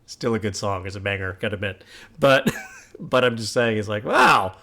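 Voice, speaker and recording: A man hosting a music reaction video, talking in earnest, musing and at times getting heated and loud. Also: fairly low pitch, normal speed. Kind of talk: casual reaction commentary.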